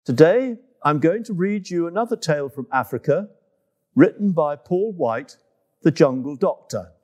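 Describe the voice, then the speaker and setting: A man reading a children's story aloud in an expressive, unhurried way as the host of a summer story time. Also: on the high side.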